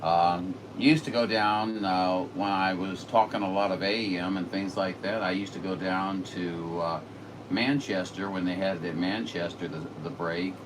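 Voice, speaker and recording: Folksy ham chatting, low voice, distant mic, steady room noise. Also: male voice, a little slow. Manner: rambling, filler-heavy, folksy. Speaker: radio operator. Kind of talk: casual chat.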